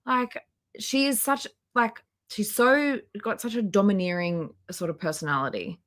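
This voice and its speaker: A woman's voice: mid-range voice, moderate pace, a bit bright. Catty woman giving reaction commentary. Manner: catty, chatty asides. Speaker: reaction streamer.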